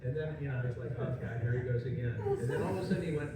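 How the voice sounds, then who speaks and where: A man's voice: mid-range voice, very fast. An older man from rural Illinois telling a rambling, wry anecdote on a festival panel, hesitant with many fillers. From rural Illinois, USA. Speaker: panel guest. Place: large convention hall panel room. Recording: echoey hall, distant mic, background noise.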